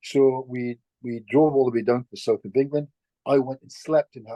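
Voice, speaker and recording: A middle-aged man, a guest healer, telling stories in a lively, chatty way with chuckles and restarts. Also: medium pitch, fairly quick, no echo. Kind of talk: casual storytelling in conversation.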